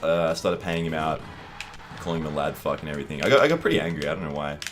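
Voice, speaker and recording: Young Australian co-host, low-voiced and rapid, animated swearing storyteller. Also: male voice, faint music behind. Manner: animated, swearing, acts out voices in his stories. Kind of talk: casual gaming chat, storytelling.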